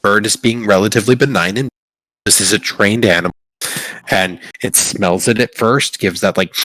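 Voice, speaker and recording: A man's voice: on the low side, moderate pace, a bit bright, no room sound. A man narrating as dungeon master for a tabletop game, rambling and playful as he describes the scene. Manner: loose, rambling narration with playful quoted voices.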